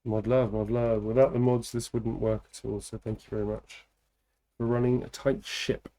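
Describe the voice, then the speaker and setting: A tired man hosts a casual livestream chat in a mid-range, warm voice with flat delivery at normal speed. Playful, he laughs often, teases his co-host and thanks viewers.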